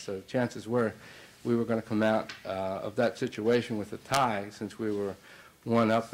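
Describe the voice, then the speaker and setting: A man's voice: fairly low pitch, darkish tone, rough recording. Storytelling male coach at a banquet. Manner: storytelling with many fillers and restarts. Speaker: basketball coach giving a banquet speech. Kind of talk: anecdotal after-dinner speech.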